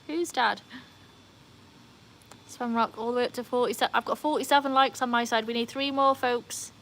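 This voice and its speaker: A woman's voice: a little high, fairly even intonation, moderate pace, fairly bright tone. Chatty woman cheering on a livestream. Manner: chatty, breaking into squealing cheers. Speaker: livestream host. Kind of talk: casual live-stream chat reading viewer comments. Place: outdoors beside a home swimming pool.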